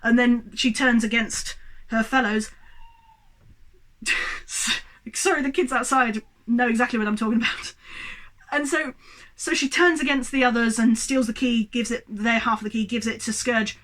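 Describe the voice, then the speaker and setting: A woman's voice: a little high, fairly even intonation, normal speed, long pauses, fairly bright tone. A young woman reviewing a movie at home in front of a tripod camera, ranting in an exasperated, worked-up way and swearing freely.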